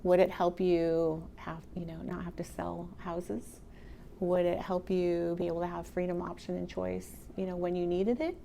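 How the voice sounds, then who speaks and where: A middle-aged woman giving a motivational real estate talk to a live audience, chatty and animated, speaking straight to the room. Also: fairly low pitch, moderate pace, creaky, a little hiss or hum. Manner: conversational, animated, addresses the audience directly.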